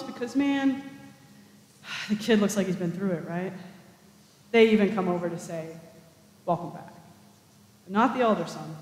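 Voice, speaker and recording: A man preaching a storytelling sermon in a conversational style with casual asides, in a cathedral. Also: high voice. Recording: echoey cathedral reverb.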